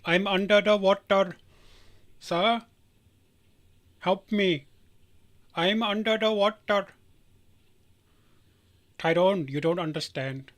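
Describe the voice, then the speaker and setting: A man's voice: high-pitched, takes it slowly, pauses often, fairly bright tone. A man doing a pleading job-seeker. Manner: begging, repeating "sir".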